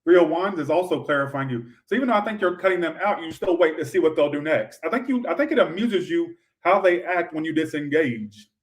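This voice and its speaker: Brief: brash male tarot streamer, a bit high-pitched, swears freely, rambles to his chat. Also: animated, fairly quick, few pauses. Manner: sassy, profane, rambling, talks straight to viewers. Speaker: tarot reader. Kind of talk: livestream tarot reading.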